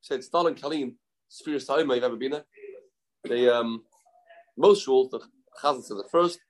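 A man gives a Talmud class at a middle pitch. His voice swings up and down as he chants verses in a sing-song, then drops back to explaining. He keeps firing questions at his listeners and answering them himself. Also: normal speed. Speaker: Talmud teacher. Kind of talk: Talmud lecture.

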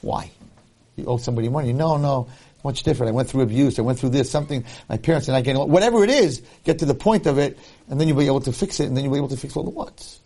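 Very fast and mid-range, a rabbi's voice carries a Torah-lecture story. He acts out each person in an animated way and repeats his central points for emphasis.

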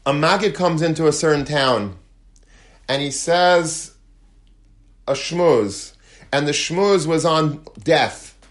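A man's voice: a little high, slow, long pauses. Male rabbi, sermon storyteller with plenty of color. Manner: lively storyteller, acts out quotes, Yiddish and Hebrew terms. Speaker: rabbi giving a talk.

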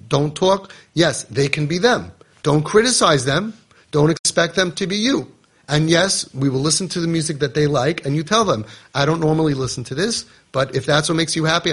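A man's voice: a little high, fairly bright tone, husky. A man giving an earnest religious lesson to parents, telling stories and using Hebrew terms as he coaches them.

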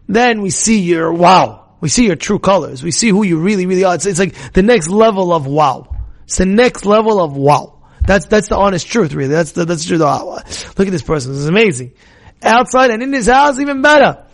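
High, gravelly-voiced rabbi giving a lively lesson. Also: male voice. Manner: animated, acts out scolding voices, many restarts. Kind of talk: Torah lesson.

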